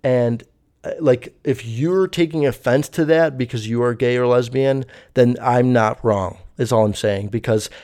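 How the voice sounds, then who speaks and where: A man's voice: mid-range voice, measured pace, a little mellow. A young man telling a story in a casual, rambling way, swearing often and using many fillers. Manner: rambling, profane, full of fillers.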